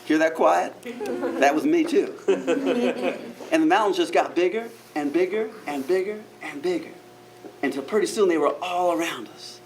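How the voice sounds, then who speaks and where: A man's voice: fairly high pitch, moderate pace. A man, a park ranger, telling a first-person historical character story to a live audience in a theatrical, playful way, with frequent chuckles and asides to the listeners. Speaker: park ranger giving a living-history talk.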